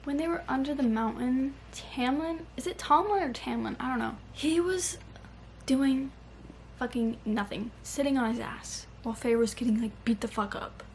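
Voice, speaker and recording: A young woman vlogging about a book series in a casual, animated way, swearing often and saying "like" constantly. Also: high voice, normal speed. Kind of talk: casual reading vlog. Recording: faint background noise.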